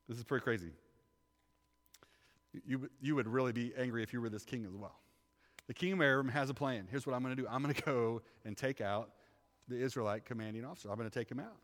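A man preaching a sermon, telling a Bible story with lively acted-out voices and shifts from loud to hushed. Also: mid-range voice. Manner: animated storytelling, acting out biblical figures. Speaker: pastor. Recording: long hall reverb.

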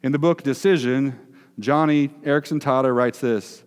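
A man's voice: medium pitch, moderate pace, smooth. A man preaching a conversational sermon, chatty and quizzing his congregation with self-deprecating asides. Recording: long hall reverb.

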